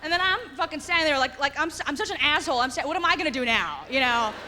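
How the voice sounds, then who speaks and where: A woman doing stand-up comedy on a theater stage, animated and acting out the people in her stories. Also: sits high, rapid-fire, background noise. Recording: reverberant hall with loud crowd. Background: audience laughter.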